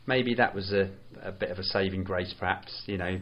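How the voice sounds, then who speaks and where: A man co-hosting a podcast, chatting casually about a film in a hesitant, rambling way with many pauses and fillers. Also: deep voice, fairly even intonation, muffled recording. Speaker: podcast co-host. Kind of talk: casual film review chat.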